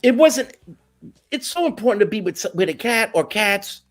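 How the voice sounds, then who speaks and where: A middle-aged man with a high-set voice tells stories as a guest in an interview. His pitch jumps all over as he talks. He keeps it casual and slangy, and he drops Spanish phrases in here and there. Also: normal speed. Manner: animated, slangy, slips into Spanish. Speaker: musician guest.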